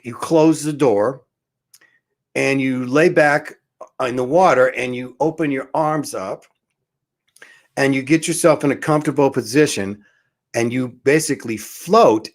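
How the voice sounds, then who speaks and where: A man hosting a talk show, telling a story in a loose, rambling way with many restarts and fillers. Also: medium pitch. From Southern California. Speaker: show host. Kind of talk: casual talk show monologue.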